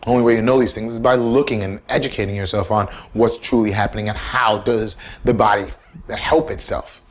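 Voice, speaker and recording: A man giving casual, animated self-care advice, repeating key points and coaching the listener. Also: on the low side, brisk. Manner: animated, repetitive coaching, acts out quoted inner voices. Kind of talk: casual instructional talk.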